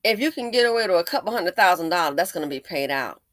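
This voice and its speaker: Host of a commentary vlog: a woman with a bright, dry voice, sarcastic and emphatic. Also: expressive, fast talker, no room sound. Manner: sarcastic and emphatic, with repeated jabs; shifts between loud stresses and low muttering. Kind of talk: opinion commentary.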